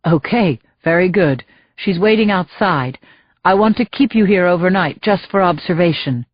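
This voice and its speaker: A woman narrator voicing a steady, reassuring male doctor in his thirties. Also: fairly low pitch, moderate pace, no echo, muffled recording, close to an everyday voice. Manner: assuring, steady.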